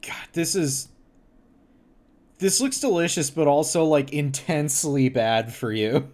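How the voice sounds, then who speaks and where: A man streaming casually, laughing often and reacting to things with loud mock horror and swearing. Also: a little high, a little slow. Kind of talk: casual livestream chat.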